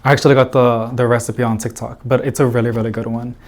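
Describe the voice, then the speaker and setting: A man's voice: mid-range voice, level tone, fast. Guy rambling on his plant vlog, lots of likes and little laughs, regular mid voice. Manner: chatty and rambling, lots of "like" and giggles. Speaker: plant vlogger. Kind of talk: casual chat to camera. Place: indoor plant room with grow lights.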